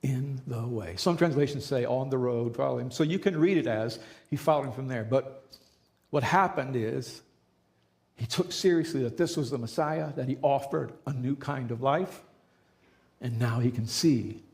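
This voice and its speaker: A man preaching a sermon as a pastor, talking in a relaxed conversational way and repeating key phrases for emphasis. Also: mid-range voice, normal speed.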